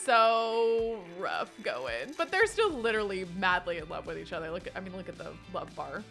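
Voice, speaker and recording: A young woman giving casual, animated commentary while playing a life-simulation game, now and then reading the game's text aloud. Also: moderate pace, creaky, soft background music. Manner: chatty and animated, jumping up high for excited squeals. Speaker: gaming streamer.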